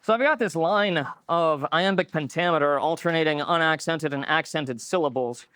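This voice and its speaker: A man's voice: a little high, normal speed, fairly bright tone, no echo. A man giving a conference lecture in a conversational way, with many filler words. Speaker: conference speaker. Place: lecture room.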